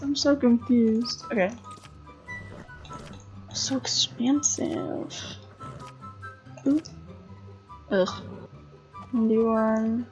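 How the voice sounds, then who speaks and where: A tired young woman giving casual commentary on a horse game, chatty and excitable, swearing freely and breaking into gasps and laughs. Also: fairly high pitch. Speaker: gamer commentator. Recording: dull lo-fi home recording with faint game music.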